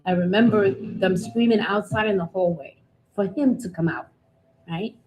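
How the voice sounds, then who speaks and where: A middle-aged woman giving a candid, halting personal testimony as a guest, often restarting her sentences. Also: medium pitch, lo-fi sound, background noise. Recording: music playing behind.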